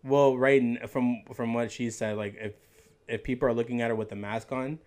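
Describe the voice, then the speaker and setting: A man's voice: mid-range voice, steady tone, fairly quick, a little mellow. A young man co-hosting a casual podcast, rambling with lots of fillers, swearing freely and teasing his friend. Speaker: podcast co-host. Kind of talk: casual chat.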